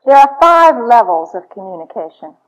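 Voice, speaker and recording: A woman's voice: fairly high pitch, very animated, normal speed. A woman speaking to an audience about marriage in an earnest, confessional storytelling manner. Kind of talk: teaching talk to an audience. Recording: dull lo-fi recording.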